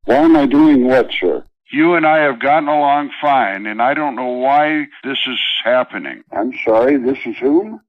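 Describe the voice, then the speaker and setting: A man on a phone call sounds bewildered. He keeps asking why the call is happening. His voice sits at an ordinary pitch. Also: normal speed. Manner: confused, repeatedly questioning.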